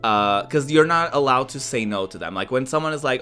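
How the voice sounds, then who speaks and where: A man casually chatting on a livestream, rambling with lots of filler words and animated storytelling. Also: mid-range voice, brisk, soft background music. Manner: animated storytelling, laughs often. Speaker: streamer.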